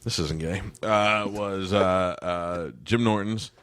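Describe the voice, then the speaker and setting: Deep-voiced man rambling on a podcast. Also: fairly bright tone, clear, resonant tone, dry recording. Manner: rambling, bawdy, with many restarts and drawn-out asides. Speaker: podcast host, comedian. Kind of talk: casual podcast chat.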